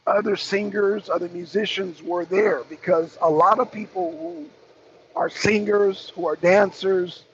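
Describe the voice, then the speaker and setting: A man's voice: high-pitched, a bit bright, husky. A man hosting a talk show, giving rambling, blunt opinion commentary with emphatic repeats and casual cursing. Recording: dull lo-fi sound with faint noise.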